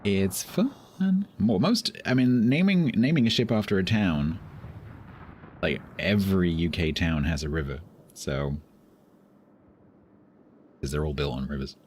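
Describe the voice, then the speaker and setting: Deep, animated man streaming a game. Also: measured pace, pauses often, slight background noise. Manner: animated, self-pitying, jokey banter with squeaky outbursts. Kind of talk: live gameplay commentary.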